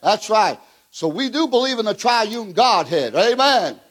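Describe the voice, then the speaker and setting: A man preaching a fiery revival sermon at a conference, calling out to the crowd and shouting at his peaks. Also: high-pitched, big pitch swings, unhurried. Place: conference hall.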